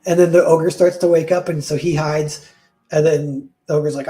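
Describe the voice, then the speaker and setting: Guy rambling thru a fairy tale, kinda high voice, says like a lot, soft music behind. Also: steady tone, moderate pace. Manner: rambling, full of "like" and self-corrections. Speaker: storyteller. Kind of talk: casual retelling of a fairy tale.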